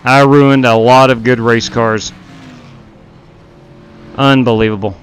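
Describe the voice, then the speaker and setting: Male stream host calling replays, frank and self-critical, mid pitch, light background hiss. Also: steady tone, slow. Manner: candid, self-blaming, talks as he rewinds replays. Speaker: stream host and league race director. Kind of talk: casual live race commentary.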